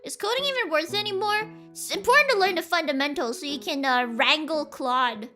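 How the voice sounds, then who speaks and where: Super high bright young woman streamer, rambly and giggly, chats over soft music. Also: a little fast. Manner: rambling, laughing, insistent repeats. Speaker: streamer reading chat. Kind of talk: casual chat.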